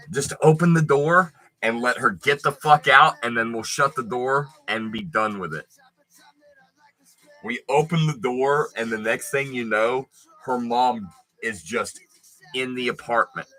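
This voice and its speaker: A man's voice: medium pitch, bright, forceful tone. A man telling a wild personal story in a casual, profane, emphatic way.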